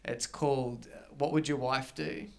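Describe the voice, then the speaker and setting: A middle-aged man with a New Zealand accent doing stand-up comedy, telling stories with animated delivery and acting out characters. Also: medium pitch, normal speed, vocal fry, very noisy. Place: garage venue with live audience.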